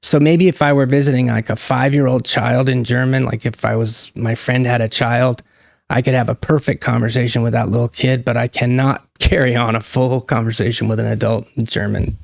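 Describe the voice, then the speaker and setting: A man's voice: medium pitch, flat delivery, a little fast, vocal fry, dry recording, clean studio sound. A man hosting his own channel, talking in a loose, rambling monologue with joking asides that break off and restart mid-thought. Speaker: channel host. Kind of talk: casual monologue.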